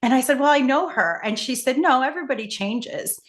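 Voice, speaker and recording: A woman's voice: sits high, fairly quick. A middle-aged woman, a facilitator and coach, telling stories in a casual conversation and acting out the dialogue. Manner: animated, acts out dialogue in her stories.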